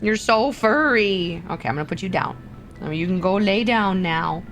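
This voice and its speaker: A woman streamer in casual livestream chat, talking in soft, drawn-out baby talk to her cat. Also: mid-range voice, lively intonation, soft background music.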